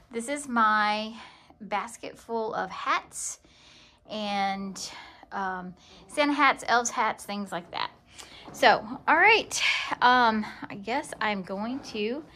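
A woman giving a casual tour of her home in a vlog, talking gently with many ums and pauses. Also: fairly high pitch, a little hiss or hum. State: emotional. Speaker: vlogger. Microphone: handheld camera walked around.

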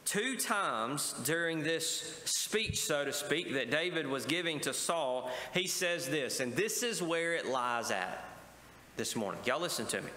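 Bright-voiced pastor preaching in echoey hall. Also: male voice, fairly high pitch, expressive, measured pace. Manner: preaching with call-and-response asides. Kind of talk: sermon. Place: church sanctuary. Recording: echoey church hall with faint ambience.

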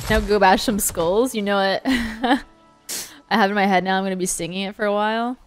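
A woman's voice: medium pitch, fairly even intonation, normal speed, faint music behind. A young adult woman livestreaming as she games, giggly and gushing, swearing casually in everyday chat.

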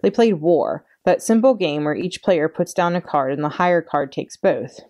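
Low-voiced woman reading a story aloud. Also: moderate pace. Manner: expressive, storytelling. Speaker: children's librarian. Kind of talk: read-aloud storytime narration.

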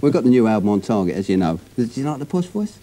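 A man's voice: medium pitch, very animated, fast, mellow, slight background noise. A man, a guest musician who jokes and laughs through a loose interview. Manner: wisecracking, laughs often. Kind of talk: joking interview banter.

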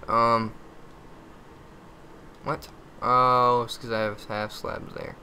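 A man's voice: mid-range voice, little pitch movement, drawn-out words, bright, forceful tone, a little hiss or hum. A man giving casual gameplay commentary, muttering to himself, yelping and cursing when frustrated, with crude jokes. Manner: muttering, easily frustrated, yelps and curses at the game; crude joking.

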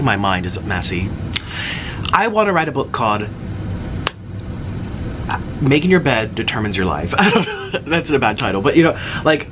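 A mukbang vlogger talks casually to the camera while eating, chatty and animated, growing heated over an online dispute. His voice is medium-pitched, and the background is noisy.

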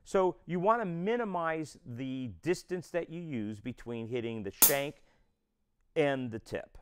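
A man's voice: on the high side, lively intonation, unhurried, noisy background. A man teaching a drum lesson, explaining step by step and counting beats aloud. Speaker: drum instructor.

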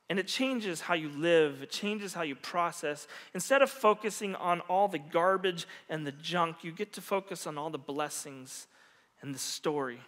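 A middle-aged man preaching a sermon, telling a story earnestly with quiet pauses and soft, lowered endings. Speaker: pastor. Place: church hall. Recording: long reverb of a large hall.

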